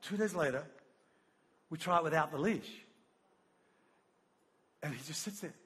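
A man preaching a sermon in a church hall, telling a story in an animated way and laughing as he goes. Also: fairly high pitch, unhurried, husky. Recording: long hall reverb.

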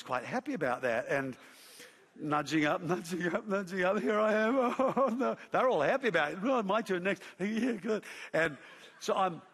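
A middle-aged man, a pastor telling a lively story in a sermon, acting out his own shouts and quotes. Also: high-pitched, slightly rough. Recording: long hall reverb.

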